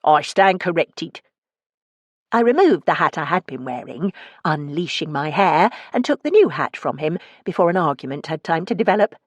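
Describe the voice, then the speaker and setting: A woman with a fairly low voice reads a first-person mystery, her pitch swinging in a lively, wry way. The sound is close and dry, with no room around it. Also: a little fast, few pauses, no room sound, muffled recording. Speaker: audiobook narrator. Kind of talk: scripted audiobook narration.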